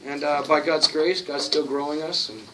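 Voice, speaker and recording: A man pastor, telling stories at a conference with a fairly high voice and lively delivery, acting out the voices of others. He is recorded from a distance, and a steady hiss lies under his voice. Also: normal speed. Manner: storytelling, animated, acts out quotes. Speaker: church planter and pastor. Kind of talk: conference talk. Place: conference room. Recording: distant mic with noticeable hiss.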